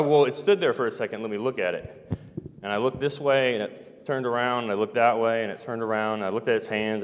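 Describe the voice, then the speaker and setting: A man who served in the navy, recounting a personal experience in a casual, meandering way, with hesitations and soft chuckles. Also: on the low side. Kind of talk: casual first-person account. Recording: long hall reverb.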